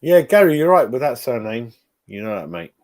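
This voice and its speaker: A man, hosting a live football reaction stream from home. His talk swings widely in pitch and loudness as he answers his viewers. He swears constantly and calls everyone mate. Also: fairly quick. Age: 40s. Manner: sweary, animated, talking to chat. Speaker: fan channel host.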